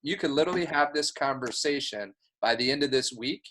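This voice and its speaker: A man's voice: mid-range voice, fairly quick, bright, forceful tone. A man with a middle-range voice coaches a newcomer through sales call technique. He talks in an earnest, emphatic way and keeps encouraging the listener. It is plain, practical instruction. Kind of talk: coaching talk.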